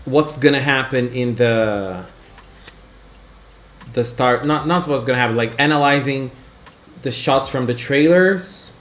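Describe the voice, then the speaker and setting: A man hosting a casual live stream, excitably chatting and greeting his viewers one by one. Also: medium pitch, measured pace, long pauses. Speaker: livestream host. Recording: roomy echo.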